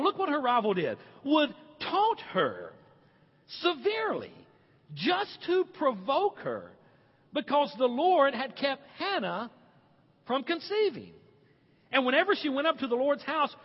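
A man preaches with a very high, husky voice that rises and falls in lively swings. He stretches out key words for emphasis. The sound is dull and carries a long reverb from a large hall. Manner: animated, emphatic, slows for stress. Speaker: pastor. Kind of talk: sermon.

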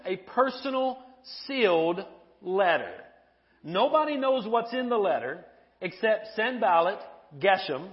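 A man preaching a sermon to a live congregation, animated and playful, asking the crowd questions. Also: sits high, dull audio. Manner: playful humor. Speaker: pastor.

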